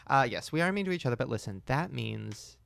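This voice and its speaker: A man's voice: medium pitch, expressive, a little fast, creaky, a bit bright, dry recording. A man hosting a podcast, teasing his co-host bluntly and telling crude stories in casual chat.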